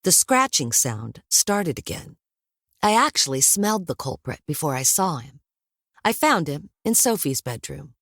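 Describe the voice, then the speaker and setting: A woman reads a first-person story aloud in a low, animated voice. Her telling is wry and lively. The studio sound is dry and close. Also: no echo. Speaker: audiobook narrator. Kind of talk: first-person audiobook narration.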